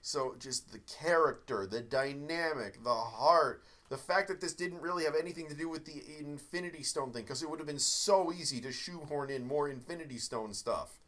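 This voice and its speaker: A man co-hosting a podcast, chatting casually about a movie with jokes and the odd swear word. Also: on the high side. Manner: animated, swearing, quick jokes. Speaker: podcast co-host. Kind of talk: casual movie review chat.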